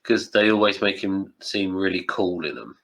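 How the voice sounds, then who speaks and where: Man, low voice, casual podcast banter, laughs a lot. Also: animated, moderate pace, vocal fry, a bit bright. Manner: chatty, laughs often, drops into mock quotes. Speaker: podcast host. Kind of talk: casual chat.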